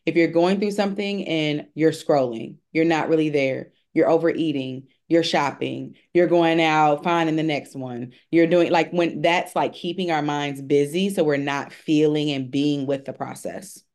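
A woman's voice: deep voice, normal speed, hardly any pauses, darkish tone. A woman hosting a podcast, reflective and affirming in casual conversation. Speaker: podcast host.

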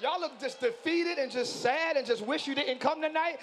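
A pastor preaching a live sermon to his congregation, excitable and playful, swinging from quiet asides to shouting and teasing the crowd. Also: very high voice, moderate pace, hardly any pauses. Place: large church hall.

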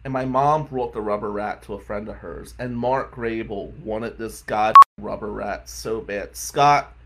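A man's voice: fairly low pitch, a little slow, background noise. A man in his forties, a lawyer, casually telling self-mocking stories and acting out the people in them. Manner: animated, self-mocking, acts out quotes. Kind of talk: casual comic storytelling.

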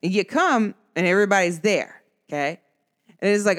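A vlogger with a fairly low voice vents quickly to her audience, speaking straight into the camera. Her monologue is casual and emphatic, full of slangy everyday talk.

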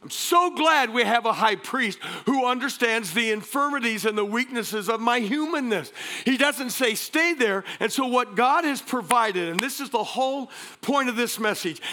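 A man preaching a sermon as pastor, energetic, calling out to the congregation and joking between points. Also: very high voice. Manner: energetic preaching with crowd call-and-response; joking asides, repeats words.

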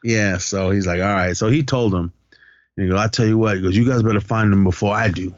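On a casual movie recap, a podcast co-host speaks fast in a lowish, steady voice, recorded dry and lo-fi. He loosely retells a film's plot, acting out the characters' lines with plenty of profanity.

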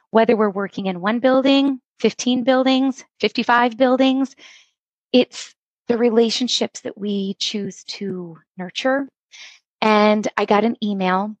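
A woman instructional coach telling stories in an earnest, animated way as a podcast guest. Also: mid-range voice, dry recording, poor audio. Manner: earnest, animated storytelling with acted quotes. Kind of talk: podcast interview storytelling.

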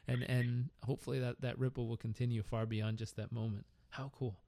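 A man's voice: medium pitch, level tone, a little fast, creaky, warm tone, dry recording. A man hosting an interview, responding in a reflective, affirming way. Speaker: podcast host. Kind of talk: interview conversation.

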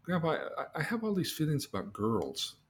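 A man's voice: fairly high pitch, wildly swooping pitch, moderate pace, pitched above the performer's own voice. A man voicing a thirteen-year-old farm boy, eager and pleading as he tells a story.

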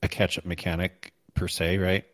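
A man's voice: low voice, flat delivery, normal speed, a bit bright, no echo. A man co-hosting a casual gaming podcast, rambling and correcting himself as he recalls story missions. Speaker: podcast co-host.

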